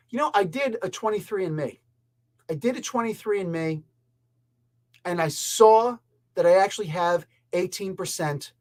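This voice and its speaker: A man's voice: high voice, darkish tone. A man from Canada hosting a casual review show, talking in an exasperated, rambling, emphatic way. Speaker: comic and pop culture reviewer.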